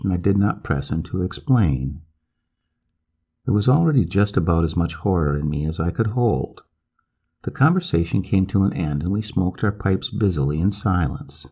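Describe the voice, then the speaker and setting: Man, narrator, classic ghost story, lively intonation, dark and mellow tone. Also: deep voice, vocal fry, breathy edge.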